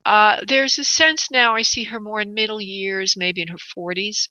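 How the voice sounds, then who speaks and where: A woman hosting a radio psychic reading, speaking in a gentle, halting, soothing way. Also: mid-range voice, no room sound, lo-fi sound. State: choked up. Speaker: psychic medium radio host.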